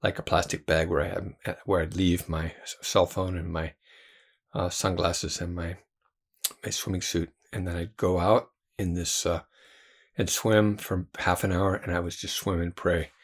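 Husky low-voiced man telling a story. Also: flat delivery, measured pace. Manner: rambling, with many fillers and restarts. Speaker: Christian trainer and theologian. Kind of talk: casual personal storytelling.

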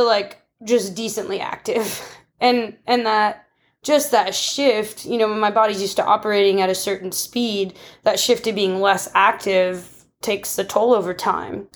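A young adult woman co-hosting a podcast, talking candidly and reflectively in casual conversation, often restarting and laughing. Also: mid-range voice. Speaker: podcast co-host.

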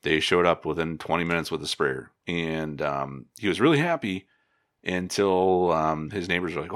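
A man, an agronomist, giving casual advice in a relaxed, rambling way, with many fillers and restarts. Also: low voice, fairly quick, no echo, clean studio sound.

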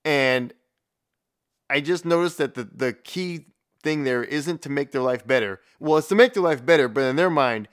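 A man's voice: medium pitch, normal speed, a bit bright, clean tone. A man giving a profane, rambling rant in blunt, casual commentary, with frequent restarts.

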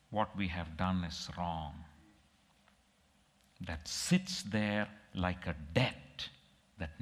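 A middle-aged man preaching, telling a personal story in a halting, emotional, reflective way. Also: lowish voice, big-room sound.

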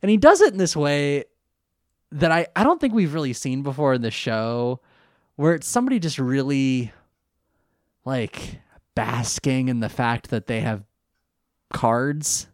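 Casual male podcast co-host, lively pitch and playful delivery, dry close mic. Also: a little slow, pauses often, no room sound. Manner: animated, breaks into goofy character voices and laughs. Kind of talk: casual chat recapping a show.

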